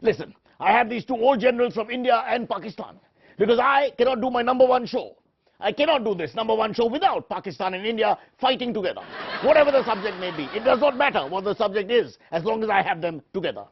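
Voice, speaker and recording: Man, pompous mock news anchor, high lively voice, husky, dull lo-fi sound. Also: quick pace. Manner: pompous, indignant, self-important. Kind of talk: parody of a shouting TV debate host.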